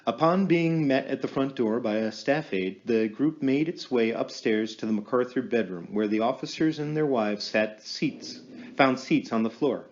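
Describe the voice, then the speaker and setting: A man narrating an audiobook in a measured storytelling manner. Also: medium pitch, lo-fi sound. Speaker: audiobook reader.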